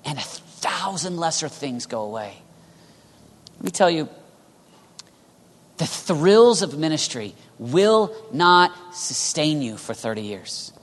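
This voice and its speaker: Man preaching a sermon, passionate, drops to whispers, slightly high voice, long hall reverb. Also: sing-song, slow pace, pauses often. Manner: passionate, swings from loud urging to hushed whispers.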